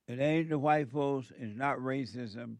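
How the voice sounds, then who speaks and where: A man's voice: mid-range voice, measured pace, creaky, darkish tone, dry recording. A man hosting a call-in radio show, giving spiritual advice in a drawling, preachy way with frequent chuckles.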